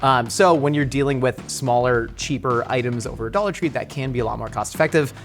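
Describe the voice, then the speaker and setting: A playful man hosts a cooking show from a kitchen set, speaking at an ordinary middle pitch for a man, then jumping up when excited. Soft music plays faintly behind him. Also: brisk. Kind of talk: casual, jokey cooking show presenting.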